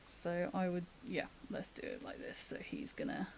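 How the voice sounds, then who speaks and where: A woman talks through a drawing demo in a relaxed, chatty stream. She thinks aloud as she sketches and laughs easily. She is from the UK. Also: fairly low pitch, normal speed, vocal fry, whispered. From United Kingdom. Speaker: artist giving a drawing demo. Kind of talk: casual live-stream drawing tutorial.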